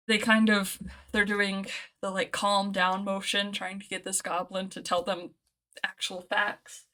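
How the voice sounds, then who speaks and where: A woman running a tabletop role-play game, describing scenes in a casual, chatty way. Her voice is bright and clear at an ordinary pitch. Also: level tone, slow, pauses often. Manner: casual, laughing often. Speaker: game master.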